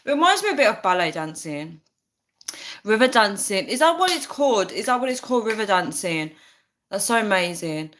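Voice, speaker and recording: A young woman chats casually on a livestream, giggling and reading viewer comments aloud. Her voice sits at a middle pitch for a woman. It is recorded on a webcam mic in an echoey indoor room. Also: very animated, fairly quick, a bit bright, slight background noise. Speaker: livestream host. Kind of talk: casual live chat.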